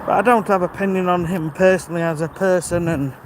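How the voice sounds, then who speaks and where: A man in his fifties with a notably high speaking voice talks casually while he walks, a little out of breath and picked up by a phone mic. Steady outdoor noise runs behind him, and he greets viewers by name as he answers their comments. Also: fast. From United Kingdom. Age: 50s. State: out of breath from walking uphill. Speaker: livestream host. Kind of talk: casual live-stream chat while walking. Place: outdoors on a rural walk. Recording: outdoor ambience with audible wind and noise.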